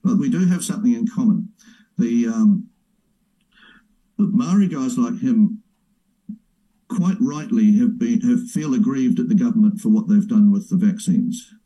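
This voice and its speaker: Mocking man, dark voice. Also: medium pitch, a little slow, long pauses, highs cut off. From New Zealand. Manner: mocking, stops the clip to comment. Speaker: host reacting to a clip. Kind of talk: commentary on a played video.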